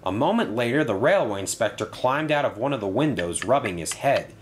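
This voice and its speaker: A man narrating a toy-train story in a lively, expressive storybook style. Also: mid-range voice, fairly quick, slight background noise.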